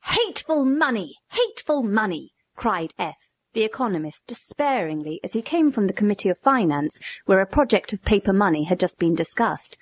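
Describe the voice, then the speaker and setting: Brief: woman audiobook narrator, breathy voice, animated dialogue reading, dry close recording. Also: mid-range voice, fairly quick, no echo. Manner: lively, theatrical reading with raised questioning tones. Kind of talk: narrating a classic essay as dialogue.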